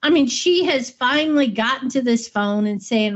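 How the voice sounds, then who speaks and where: A woman's voice: a little high, lively intonation, moderate pace. A woman co-hosting a casual film-discussion chat, taking her time and laughing often. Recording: dull lo-fi recording.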